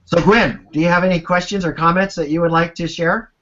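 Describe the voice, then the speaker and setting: Man hosting a video coaching call, fairly high voice, encouraging, dull lo-fi audio. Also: fairly even intonation, brisk, sharp tone. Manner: encouraging, calls on participants by name. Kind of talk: hosting a live video conference.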